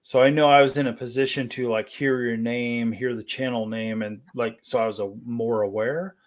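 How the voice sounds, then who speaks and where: A man joins a casual livestream as a guest, speaking at an ordinary middle pitch. He thinks out loud and softens his points with "I think" and "like". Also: steady tone, normal speed. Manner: thoughtful, hedging with "I think" and "like".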